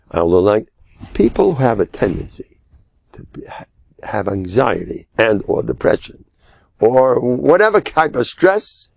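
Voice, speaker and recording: An older rabbi teaches in a gravelly voice that swings widely up and down. He jokes at his own expense and breaks into loud bursts for emphasis. The sound is close and dry, with no room around it. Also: mid-range voice, very animated, unhurried, no room sound. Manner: joking, self-deprecating, with sudden loud emphatic outbursts. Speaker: rabbi giving a lecture. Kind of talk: humorous Torah lecture.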